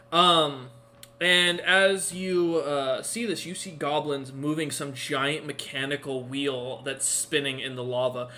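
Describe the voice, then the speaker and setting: A man's voice: mid-range voice, sharp tone, slight background noise. A man narrating a tabletop game as game master, casual and full of fillers and self-corrections.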